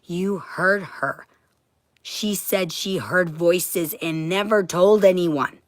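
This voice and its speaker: Low-voiced woman in a profane rant. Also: takes it slowly, no room sound, clean studio sound. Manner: heated, profane, bursts into shouting. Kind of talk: ranting monologue to camera.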